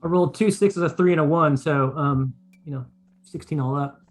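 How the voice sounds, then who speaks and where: A slightly high-voiced man chats as a player in a tabletop game. He talks in an easygoing, hesitant way, filling his sentences with "you know", while faint music plays behind him. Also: moderate pace. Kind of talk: casual tabletop game chat.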